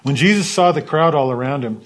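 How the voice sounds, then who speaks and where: A man leading a Bible study, reading scripture aloud in a lively way and stopping to comment on it. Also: fairly high pitch, brisk, rough recording. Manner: animated reading, voices the quotes with asides.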